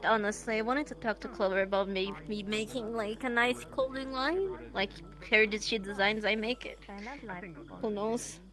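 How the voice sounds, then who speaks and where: A woman's voice: on the high side, steady tone, moderate pace, fairly bright tone, faint music behind. A woman playing a college student in a VR roleplay, talking in a casual, offhand way. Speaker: roleplay player. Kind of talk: in-character VR roleplay chat.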